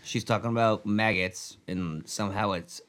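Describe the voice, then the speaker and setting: A young man with a fairly low voice chats casually on a podcast about a film. He rambles, swears freely and gets animated as he recounts the scenes. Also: normal speed. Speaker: podcast co-host.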